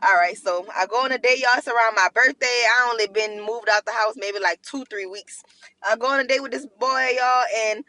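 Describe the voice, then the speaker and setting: A woman's voice: a little high, fairly quick, pushed and bright. A woman telling a storytime about her marriage in brash, slangy casual talk, speaking straight to her listeners.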